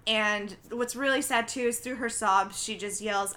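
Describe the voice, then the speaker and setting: A woman's voice: a little high, fairly quick, few pauses. A young woman chatting casually on a podcast, retelling a film scene by scene and acting out the characters' lines. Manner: animated storytelling, acts out quoted lines. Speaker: podcast co-host recapping a film. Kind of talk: casual chat.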